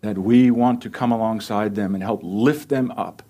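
A man's voice: lowish voice, normal speed, dark tone. A male pastor preaching an earnest, pleading sermon and closing it in prayer.

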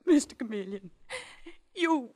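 A woman's voice: on the high side, expressive, a little slow, a little mellow, no echo. An actress playing a fragile, grieving widowed mother who stammers and talks on the edge of tears in a 1940s radio drama. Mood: shaken. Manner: stammering, tearful, near hysteria.

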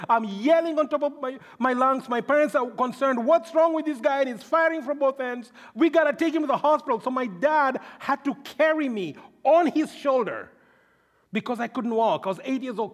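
A man from Africa preaching a sermon and telling a story, moving between loud emphasis and hushed low passages. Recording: long hall reverb.

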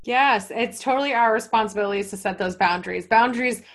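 A woman hosting a podcast interview, talking in a chatty, animated way with quick asides. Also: a little high. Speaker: podcast host. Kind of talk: casual interview chat.

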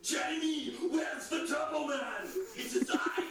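A man putting on a deliberately bad impression of a gruff, shouting action-movie tough guy with an exaggerated accent, recorded at a distance in an echoey room. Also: very high-pitched, crowd noise. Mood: blustering. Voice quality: exaggerated foreign-accented bark.

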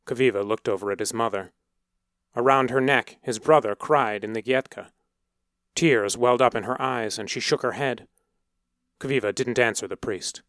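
A man narrating a story in a steady, measured reading voice. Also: medium pitch, no echo, studio quality.

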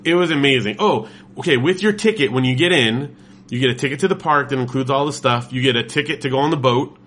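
A man's voice: medium pitch, fast, fairly bright tone, slight background noise. A man from California in casual chat, telling a story with enthusiasm and plenty of filler words.

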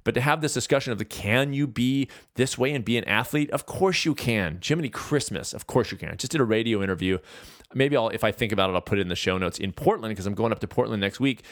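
A man in his forties from California, hosting a podcast and talking in a casual, animated, self-mocking rant. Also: fairly low pitch, quick pace, no echo, clean studio sound. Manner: animated, ranting, self-deprecating. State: out of breath. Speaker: podcast host. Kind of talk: casual monologue.

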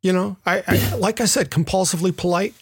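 A man's voice: high voice, brisk, slight background noise. A man co-hosting a cycling podcast, giving a gear pick in casual chat with many ums and a self-deprecating manner. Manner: hesitant, self-deprecating, product pick delivery. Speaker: podcast co-host.

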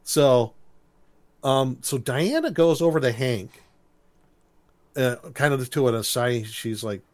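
A man's voice: medium pitch, animated, slow pace. A man chatting casually on a podcast, retelling a cartoon episode with laughs and silly quoted voices. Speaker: podcast co-host recapping a cartoon. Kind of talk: casual chat.

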